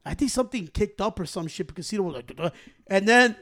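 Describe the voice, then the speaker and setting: A man's voice: high voice, expressive, fast talker, fairly bright tone. A man telling a story in casual chat, laughing often, swearing freely and mixing Spanish into his English.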